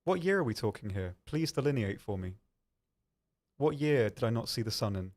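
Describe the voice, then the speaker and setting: A man's voice: mid-range voice, expressive, normal speed, darkish tone. A young man hosting a live stream, casually reading viewer questions aloud and answering them with frequent ums and self-deprecating asides. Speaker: stream host answering chat.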